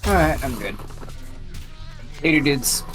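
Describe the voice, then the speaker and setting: A man's voice: mid-range voice, expressive, slow, a bit bright, soft background music. A laid-back man chatting casually in a stream voice chat.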